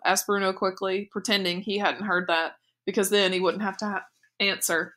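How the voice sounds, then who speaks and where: A woman teacher reads a novel aloud in a clear, steady storytelling manner. Her voice is bright and crisp. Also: medium pitch, normal speed.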